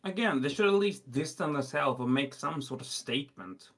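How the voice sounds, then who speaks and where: A man's voice: a little high, expressive, normal speed, a bit bright. A man on a voice call talking in a rambling way, swearing and restarting his sentences. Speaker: call participant. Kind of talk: casual call chat. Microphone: voice chat call.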